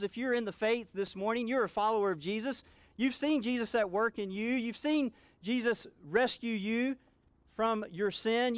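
A man's voice: sits high, smooth. A man preaching a sermon, earnest and building to emphatic exclamations. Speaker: pastor.

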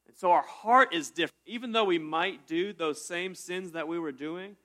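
A man's voice: a little high, moderate pace, pushed and bright. A man preaching a sermon as pastor, in a conversational way with rhetorical questions.

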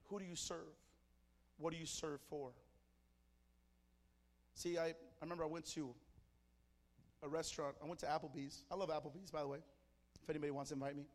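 A pastor from Mexico delivers a sermon at a church service, his fairly high voice steady in tone and a little fast, broken by long pauses. He preaches fervently to the congregation in short, punchy storytelling phrases, with a long reverb tail around him.

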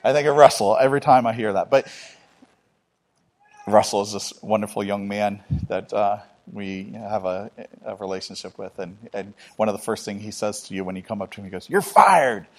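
A man's voice: fairly low pitch, little pitch movement, brisk, a little mellow. Earnest conversational male preacher. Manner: conversational, earnest, with personal anecdotes. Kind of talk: sermon.

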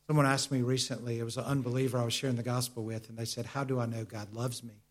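A middle-aged man preaching a sermon in an earnest, confessional way, repeating words as he searches for them, slowing down and dropping softer to stress a point. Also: mid-range voice, flat delivery. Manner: earnest, confessional, with hesitant repetitions; slows down for emphasis, drops to a soft voice.

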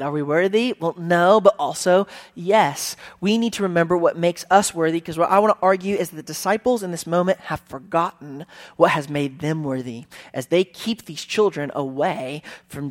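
A man preaching a sermon in a conversational, emphatic way, acting out the people he quotes. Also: sits high. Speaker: pastor.

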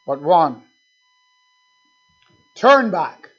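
Male preacher, slow deliberate sermon delivery building to fervent calls, dull low-fi recording. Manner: preaching with rising, fervent calls and quiet asides.

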